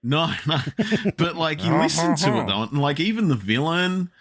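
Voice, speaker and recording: A man's voice: fairly high pitch, sing-song, normal speed, a bit bright. A man hosting a casual podcast chat, rambling with many restarts and frequent laughs. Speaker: podcast host.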